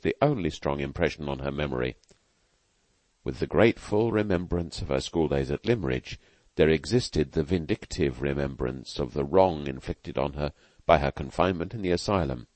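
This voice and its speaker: A man narrating a classic novel as an audiobook in a measured, earnest reading. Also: rumbling low, darkish tone, no echo. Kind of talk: scripted narration.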